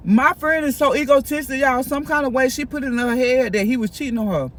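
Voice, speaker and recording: A man chatting in a casual storytime vlog, animated and gossipy, talking straight to his viewers. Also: extremely high pitch, fairly quick, hardly any pauses. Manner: animated, gossipy, keeps addressing viewers directly. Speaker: vlogger. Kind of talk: casual storytime while eating.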